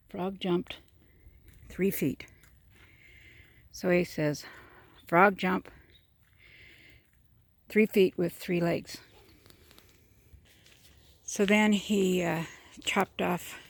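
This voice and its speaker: Slow, gravelly woman telling rambling jokes. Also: lowish voice, dry recording. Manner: meandering, with fillers and chuckles. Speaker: joke teller.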